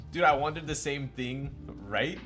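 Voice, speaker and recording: A man's voice: medium pitch, sharp tone. A young man streaming live, chatting casually and joking at his own expense while building a keyboard and answering his chat. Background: faint music.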